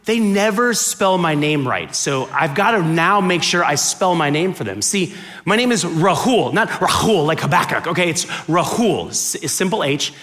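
A man in his thirties or forties from the United States, telling funny stories in a chatty, animated talk to a live, clapping audience. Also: a little high, normal speed. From United States (Miami). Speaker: speaker giving a talk.

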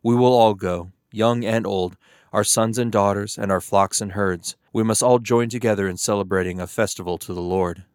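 Male reader doing a firm, earnest prophet in a Bible reading; low pitch, close and dry. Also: fairly even intonation, normal speed, smooth, no echo, lightly acted. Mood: resolute. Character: Moses, a resolute male prophet.

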